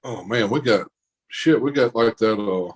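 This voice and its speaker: A man's voice: lowish voice, a little slow, slight background noise, rough recording. A man with a heavy Mississippi Southern accent, a laid-back podcast guest chatting casually. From Southern United States. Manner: laid-back, easygoing, drinking. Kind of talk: casual chat.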